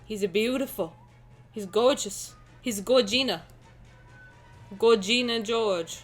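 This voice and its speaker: A young woman streaming a game, chatting playfully to her viewers, joking and breaking into excited shouts. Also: a little high, takes it slowly, soft background music. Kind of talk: casual game stream commentary.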